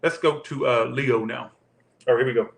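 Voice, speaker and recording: A man's voice: medium pitch, fairly even intonation, normal speed, gravelly, background noise. A man doing a live tarot reading, talking in crude, profane, joking banter. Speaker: tarot reader. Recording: roomy echo.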